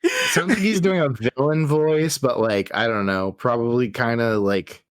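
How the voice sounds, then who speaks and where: A man's voice: mid-range voice, very animated, measured pace, no room sound, clean studio sound. Loose, profane podcast co-host man. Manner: loose, profane, jumps into silly voices. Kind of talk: casual movie chat.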